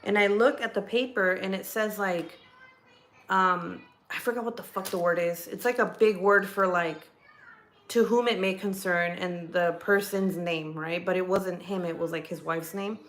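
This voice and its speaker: A woman's voice: lowish voice, moderate pace. Profane, rambling woman gossiping. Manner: profane, rambling, animated storytelling; swears often, restarts sentences. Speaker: vlogger. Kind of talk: casual storytime gossip while unboxing. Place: home.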